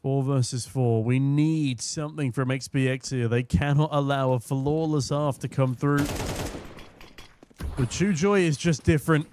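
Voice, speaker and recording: A hoarse young man casting an esports match from a booth, with quick, joking play-by-play. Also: mid-range voice, steady tone, darkish tone. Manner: quick, jokey, punning play-by-play. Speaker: esports caster. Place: casting booth at a live event.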